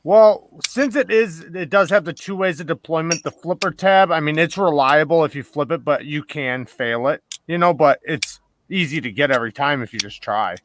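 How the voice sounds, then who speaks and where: A man's voice: a little high, moderate pace, background noise. A man in casual chat, teasing and needling the others.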